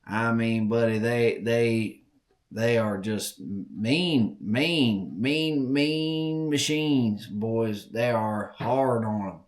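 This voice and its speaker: A man's voice: medium pitch, very slow. Folksy Southern-accented man telling stories. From Southern Virginia. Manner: folksy, animated, repeats words while telling a story. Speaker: podcast host. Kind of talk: casual storytelling.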